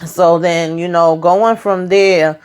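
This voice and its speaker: A woman's voice: lowish voice, steady tone, takes it slowly, darkish tone, clean tone. A woman giving a chatty, slangy recap of a TV episode, talking straight to her viewers. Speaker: TV recap vlogger.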